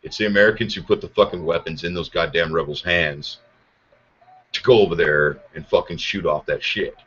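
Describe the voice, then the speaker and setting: Swearing nonstop, a man hosting a show rants about politics with anger and sarcasm. His voice is low and fairly bright with a breathy edge, delivered briskly through muffled lo-fi audio.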